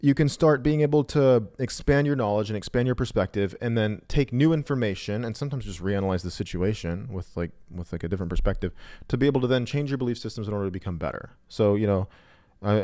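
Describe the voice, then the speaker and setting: A man who runs a trading video channel, talking to camera in a casual, joking, self-mocking way, with big swings between loud and quiet. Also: medium pitch, animated, fast talker. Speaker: trading YouTuber. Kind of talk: casual vlog monologue.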